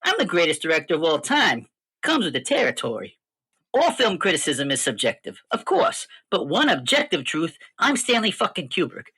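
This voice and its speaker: A woman's voice: deep voice, sing-song, moderate pace, a bit bright, husky, full character voice. A woman voicing a brash, foul-mouthed dead male film director with a Brooklyn accent in a parody ad skit. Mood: scornful. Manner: boastful, crude, swaggering.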